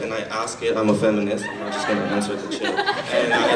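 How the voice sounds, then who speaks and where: A man's voice: fairly low pitch, fairly quick, very noisy. A young man performing a stand-up comedy set as a student, telling stories casually and acting out the people in them. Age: young adult. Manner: casual storytelling, acting out quoted characters. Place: university auditorium stage. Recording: roomy hall, mic far off, loud crowd. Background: laughing audience.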